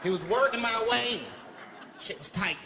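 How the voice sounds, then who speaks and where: A male stand-up comedian telling a profane, conversational story, swinging between low mutters and sudden outbursts. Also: normal speed, creaky. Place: live comedy venue. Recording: live stage mic, crowd noise. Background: audience laughter and noise.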